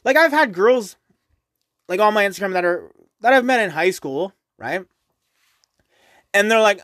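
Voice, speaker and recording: A man's voice: sits high, lively intonation, moderate pace, fairly bright tone, no room sound, clean studio sound. A young man hosting his own podcast, ranting casually and profanely, rambling and tagging his points with "right?". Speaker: podcast host. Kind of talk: casual solo podcast rant.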